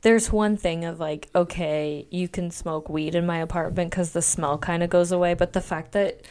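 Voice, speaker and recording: A woman's voice: on the low side, fairly even intonation, normal speed, darkish tone, clear, resonant tone. A young woman co-hosting a podcast, talking bluntly and casually and swearing freely. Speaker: podcast co-host. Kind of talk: casual chat.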